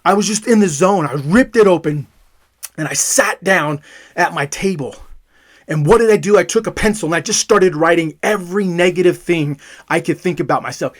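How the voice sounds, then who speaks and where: A man's voice: sits high, moderate pace. A man, a father, telling his own story in an emphatic way and repeating words for emphasis. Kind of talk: personal storytelling.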